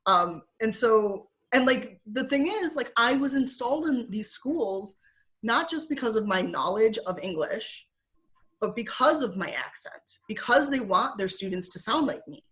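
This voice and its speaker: A woman, a former teacher, talking as an interview guest in a casual, animated way, full of "like" and quick laughs. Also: on the high side. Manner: animated, filler-heavy with frequent "like" and quick laughs. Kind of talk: casual conversational storytelling. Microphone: video call.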